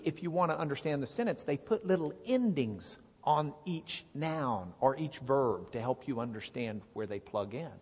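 A man giving Bible teaching to a congregation, explaining with lively questions to the room. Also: a little high, husky. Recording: long reverb of a large hall.

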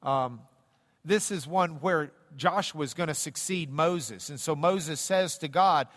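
A man's voice: a little high, a little slow, fairly bright tone, big-room sound. A man teaching a Bible class in a conversational way, repeating words and adding jokey asides.

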